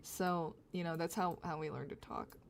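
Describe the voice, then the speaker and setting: A woman's voice: fairly low pitch, steady tone, normal speed, gravelly. A young woman with a slight Southern US accent, chatting casually to her stream while she draws, rambling, giggly and self-correcting. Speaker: drawing livestreamer. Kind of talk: casual chat while drawing.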